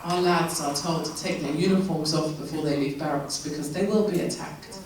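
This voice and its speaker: A woman from England with an English accent, giving a chatty, animated Q&A talk to a live audience with laughing asides. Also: low-pitched, brisk, crowd noise. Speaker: guest speaker. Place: event hall. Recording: echoey hall, mic far off.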